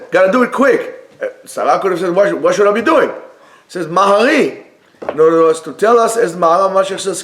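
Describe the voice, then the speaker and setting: A man teaching a Torah class in a yeshiva study room, lively and acting out the dialogue of the text while mixing in Hebrew quotes and explaining them. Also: on the high side.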